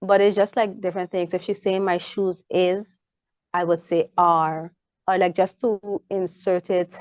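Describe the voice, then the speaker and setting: Caribbean lady telling stories in an interview, lowish voice, dry close sound, does her kid's voice sometimes. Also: unhurried, no room sound. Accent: Caribbean English. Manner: animated storyteller, acts out her child's voice. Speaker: interview guest. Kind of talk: casual interview chat.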